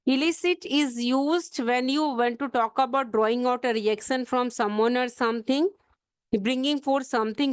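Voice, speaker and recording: A woman teaching an exam-prep English vocabulary lesson, spelling words out letter by letter and slowing down to show where the stress falls. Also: fairly high pitch, clear, resonant tone, dry recording.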